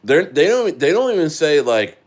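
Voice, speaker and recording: A man hosting a casual crypto livestream, rambling with many halting restarts as he answers his chat. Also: on the high side, sing-song. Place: living in Chile.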